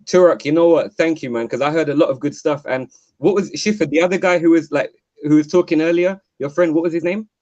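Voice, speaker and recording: A man's voice: fairly high pitch, fast, darkish tone, muffled recording. A man, calling in to a live show, telling rambling stories with lots of fillers and restarts. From London. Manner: chatty, rambling storyteller with many fillers and restarts. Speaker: caller. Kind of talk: casual chat. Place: home, call-in to live show. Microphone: video call.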